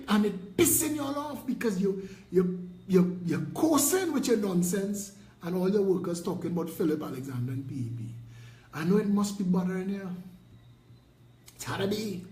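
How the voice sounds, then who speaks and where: A Trinidadian man with a high voice delivers a fiery political rant, preachy and mocking by turns. He sounds like he's in an echoey room. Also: a little mellow. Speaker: political party leader. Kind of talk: impassioned video rant.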